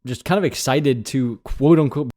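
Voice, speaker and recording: A young man in his twenties co-hosts a podcast and trades dry, teasing banter with his partner. His voice sits at an ordinary mid pitch, and he keeps the chat casual. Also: moderate pace, warm tone. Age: 20s. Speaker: podcast co-host.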